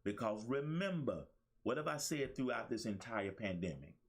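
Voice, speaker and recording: A man's voice: medium pitch, animated, moderate pace. A man hosting his own motivational talk show, preaching to listeners with repeated phrases. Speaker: life coach and show host.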